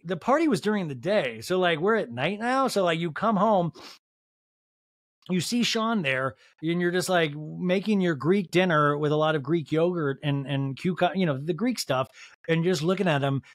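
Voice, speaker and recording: A man's voice: on the high side, expressive, moderate pace, no echo, studio quality. A man hosting a comedic solo TV recap podcast, talking with sarcastic, joking asides. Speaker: podcast host.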